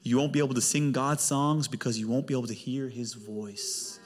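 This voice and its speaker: A male pastor preaching a sermon with emphatic delivery and big swings in pitch. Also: normal speed. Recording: long hall reverb.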